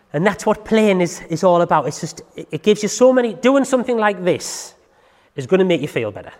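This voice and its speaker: A man's voice: high voice, animated, a little fast, long reverb tail. A man teaching dog training in a casual, chatty way, often checking in with the listener.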